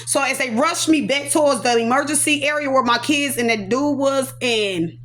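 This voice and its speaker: A woman giving an animated, emotional personal testimony, acting out sound effects and repeating phrases for emphasis. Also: high voice, normal speed, hardly any pauses. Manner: animated, dramatic storyteller voicing sound effects and repetitions; casual, talks aside to her children. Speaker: survivor telling her own story.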